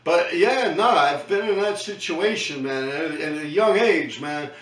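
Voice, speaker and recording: Middle-aged New York man, fairly high, sharp voice; profane street storyteller, recorded off-mic in an echoey room. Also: lively intonation, a little slow, far from the mic. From New York City. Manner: profane, slangy, keeps tagging lines with "man". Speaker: host recounting his graffiti days. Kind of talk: casual storytelling monologue.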